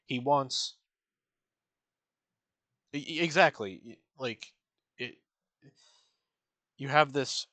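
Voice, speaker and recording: A man's voice: medium pitch, very slow, pauses often, bright, forceful tone, dry recording. A man streaming a reaction to a musical, rambling through casual commentary with lots of fillers and acted-out quotes.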